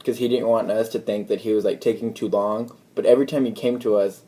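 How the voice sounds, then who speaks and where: A young man vlogging in a relaxed, mellow tone, a warm rather than bright voice. He rambles through a story, leaning on "like" and slipping into quoted dialogue, casual and unscripted. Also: fairly low pitch, fast talker. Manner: rambling, chatty retelling full of "like" and quoted dialogue.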